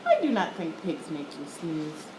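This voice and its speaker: A woman voicing a calm, matter-of-fact cat doctor in a storybook read-aloud, deliberate and reassuring. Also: deep voice, pitched below the performer's own voice. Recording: echoey room with background noise.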